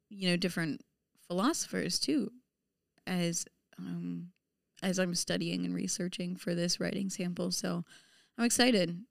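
Gravelly woman chatting with lots of fillers. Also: medium pitch, dry recording, clean studio sound. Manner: laughs often, many fillers and restarts. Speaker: podcast co-host. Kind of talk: casual chat.

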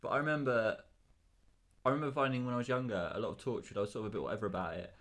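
A man's voice: mid-range voice, expressive, rapid-fire, fairly bright tone. A man co-hosting a podcast in casual chat, teasing and arguing playfully. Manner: teasing, argumentative. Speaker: podcast co-host.

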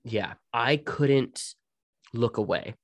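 A young man co-hosting a podcast, casually telling ghost stories and swearing freely in relaxed chat. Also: mid-range voice, slow, dry recording. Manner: relaxed, swears freely, quotes others in his own voice. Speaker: podcast co-host.

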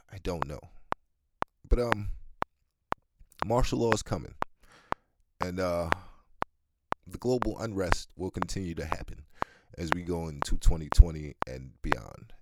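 A man hosting his own podcast, talking candidly in a rambling way and swearing freely. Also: low-pitched. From United States. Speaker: podcast host. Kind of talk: casual solo podcast monologue. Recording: loud background noise.

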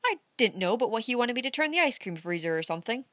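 A woman's voice: a little high, sing-song, quick pace, fairly bright tone, no echo, studio quality. A woman reading aloud, voicing a flustered, earnest young man who stammers. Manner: hesitant, stammering.

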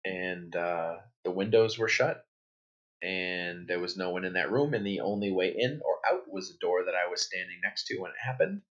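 Low-voiced man telling a story, dull audio. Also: moderate pace. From New Hampshire, United States. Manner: relaxed, rambling, many fillers and restarts. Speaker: guest author. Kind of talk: conversational interview storytelling.

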